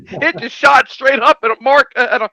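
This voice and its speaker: High, bright-voiced excitable man. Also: unhurried, gravelly, no echo, highs cut off. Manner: excitable, laughs often, repeats himself. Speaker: livestream co-host. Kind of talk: casual chat.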